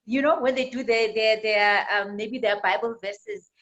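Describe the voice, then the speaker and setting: A woman's voice: fairly high pitch, fairly even intonation, normal speed, a bit bright, highs cut off. A woman with a South African accent teaching a church women's leadership class, often repeating words and asking "right?". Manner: tag questions, repetitions. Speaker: women's ministry trainer.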